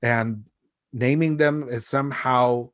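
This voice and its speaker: A man speaking as an expert guest in a relaxed conversation from home, measured and thoughtful, often chuckling. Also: mid-range voice, no room sound, studio quality. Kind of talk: casual conversation.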